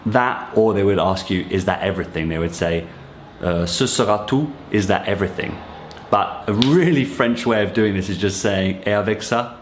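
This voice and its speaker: A man's voice: fairly low pitch, moderate pace, a little hiss or hum. A man teaching everyday French phrases in a casual, explanatory way, speaking directly to viewers in a friendly, encouraging tone. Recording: echoey room.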